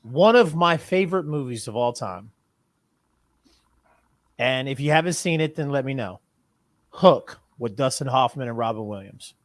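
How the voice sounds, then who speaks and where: A man co-hosting a casual podcast, telling stories with lively delivery. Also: mid-range voice, normal speed, long pauses, no room sound. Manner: animated storyteller acting out movie scenes. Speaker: podcast co-host. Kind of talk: casual chat.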